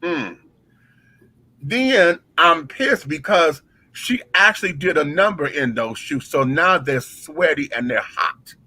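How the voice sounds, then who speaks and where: A man with a bright, forceful voice tells a backstage story with dramatic flair and a lot of profanity. He speaks with features. His pitch sits a little high for a man. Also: expressive, a little slow, dry recording, low-quality recording. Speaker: drag performer telling a story. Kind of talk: casual storytelling chat.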